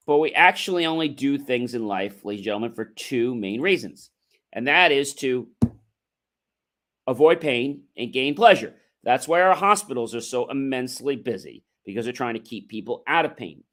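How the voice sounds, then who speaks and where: A middle-aged man talks straight to his viewers in a coaching tone. His pitch sits mid-range. He works through rhetorical questions and stresses his main points hard. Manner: emphatic, coaching delivery with rhetorical questions and acted-out example dialogue. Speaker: motivational livestream host. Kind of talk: motivational talk to viewers.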